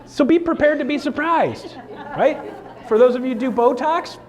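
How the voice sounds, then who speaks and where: A man coaching real estate agents in a live seminar, animated and joking, often checking in with the room with quick questions. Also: extremely high pitch, a faint crowd.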